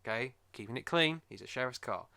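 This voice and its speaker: A man's voice: mid-range voice, lively intonation, fast talker, vocal fry, bright, forceful tone, smooth. A man with a sore throat, rambling and joking as a podcast co-host in casual chat. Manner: jokey, rambling, breaks into silly voices.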